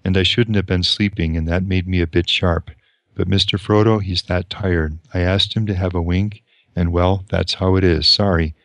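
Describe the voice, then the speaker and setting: A man's voice: deep voice, fairly even intonation, moderate pace, no room sound. A man reading aloud as a blunt, loyal young male servant. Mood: apologetic.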